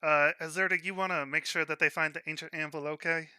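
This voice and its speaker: Man doing a loud boastful gnome merchant. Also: a little high, steady tone, fast, clean tone, no echo, pitched above the performer's own voice. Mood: salesy. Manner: loud boastful sales patter. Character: pushy fast-talking male gnome shopkeeper. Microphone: online voice call.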